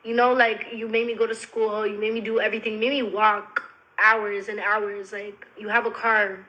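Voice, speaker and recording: A woman's voice: mid-range voice, level tone, normal speed, bright, forceful tone, highs cut off. A young woman telling a personal story to the camera in a casual, rambling, candid way, blunt and full of slang and swearing.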